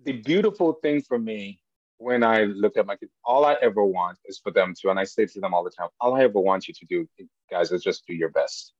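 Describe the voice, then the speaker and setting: A man who is a podcast guest, telling family stories in an animated way and jumping high in pitch when he quotes people. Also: a little fast, dry recording, muffled recording. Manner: animated storyteller, voice jumps high for quoted lines. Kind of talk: storytelling in a podcast interview.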